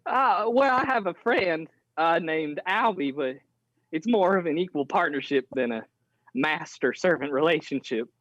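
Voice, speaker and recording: A small male rat familiar, eager and apologetic, his voice high and squeaky, as a man acts him out. He yelps at every setback in a tabletop game. The sound is dry and a little dull. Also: expressive, a little slow, fairly bright tone, no echo.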